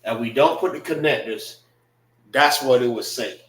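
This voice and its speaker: A man's voice: mid-range voice, moderate pace. A man teaching a language class, drilling pronunciation syllable by syllable in a loose, conversational way. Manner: loose, conversational phrasing with frequent "know what I mean". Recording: roomy echo.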